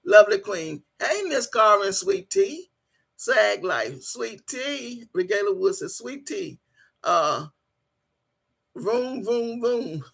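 Husky, playful woman hosting a livestream. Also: mid-range voice, very animated, fairly bright tone. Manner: playful and teasing, laughs often, drawn-out sing-song greetings. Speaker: livestream host. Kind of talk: casual livestream chat, reading viewer comments aloud.

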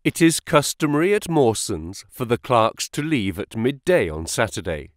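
A man's voice: medium pitch, very animated, moderate pace, no room sound, clean studio sound. A man narrating a classic story as an audiobook reader. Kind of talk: scripted narration.

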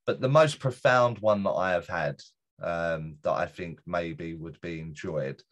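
A middle-aged man, a guest medium, telling a personal story in a rambling way, full of fillers and restarts. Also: low-pitched. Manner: rambling, self-correcting, many fillers. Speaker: guest, spiritual medium and teacher. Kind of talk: casual storytelling in an interview.

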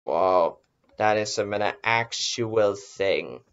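A man's voice: fairly low pitch, drawn-out words, fairly bright tone. A man hosting a casual reaction video, easily startled and exclaiming, talking himself into being brave. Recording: dull lo-fi recording.

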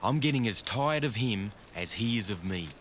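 A man with an Australian accent presenting wildlife outdoors, excitable and full of quick exclamations. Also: fairly low pitch. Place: outdoors in the bush. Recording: noisy outdoor field recording.

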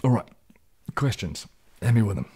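A man with a low, husky, mellow voice chats softly on a relaxed ASMR livestream. He rambles gently through viewers' questions and sometimes slips into a whisper. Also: normal speed. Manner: relaxed, rambling, drops into whispers, reads chat aloud. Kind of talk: casual soft-spoken livestream chat.

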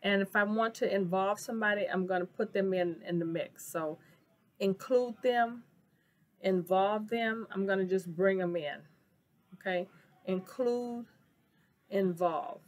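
A woman teaching sign language vocabulary in a casual, chatty way, with fillers, repeating each word slowly. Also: mid-range voice. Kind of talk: casual instructional video.

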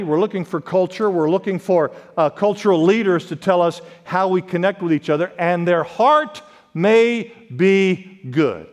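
Male pastor, high voice, dynamic sermon delivery, long church-hall reverb. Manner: preaching with sharp swings in pitch and volume, quotes scripture. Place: church sanctuary.

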